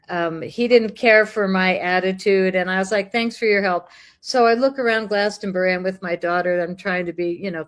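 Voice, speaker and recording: A middle-aged woman from the United States telling a personal story in casual conversation, acting out the voices of people she met. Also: lowish voice. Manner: lively, animated, acts out dialogue. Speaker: guest.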